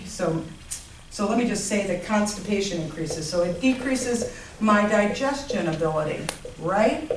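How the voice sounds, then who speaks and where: A woman giving an informal lecture on health to a class, often checking in with her listeners. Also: on the high side. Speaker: health educator. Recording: roomy, distant mic, faint noise.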